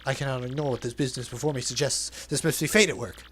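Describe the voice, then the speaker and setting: A man's voice: mid-range voice, fairly even intonation, quick pace, fairly bright tone, a little hiss or hum, lightly acted. Man hamming up Flavio, a pompous trader. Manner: grandiose, theatrical, overly formal phrasing. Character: flamboyant dramatic male trader-sailor, pompous and greedy. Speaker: let's play dubber.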